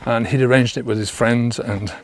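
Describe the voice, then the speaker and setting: A man with a middle-pitched voice talks casually to his viewers as a coach. His speech rambles, with plenty of ums and restarts. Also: steady tone, moderate pace, a little hiss or hum. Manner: rambling, many fillers and restarts. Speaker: online coach. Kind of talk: casual talk to camera.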